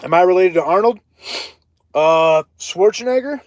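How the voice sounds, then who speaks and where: Man, live-stream storyteller, chatty, animated, slightly high voice, dry sound. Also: moderate pace, long pauses, dry recording. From Ohio. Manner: animated, chatty, breaks off to greet viewers. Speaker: livestreaming vlogger.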